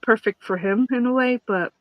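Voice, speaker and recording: A woman's voice: on the high side, moderate pace, no echo, highs cut off. A woman guest chatting casually and nervously, often repeating and restarting her words. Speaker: guest, newlywed bride. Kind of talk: casual chat.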